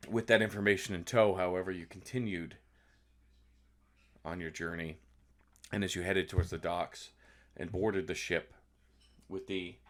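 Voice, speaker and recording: A man serving as game master, recapping the story of a tabletop game in a halting way with frequent ums and uhs. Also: deep voice, steady tone, fairly bright tone. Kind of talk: narrating a tabletop game live stream.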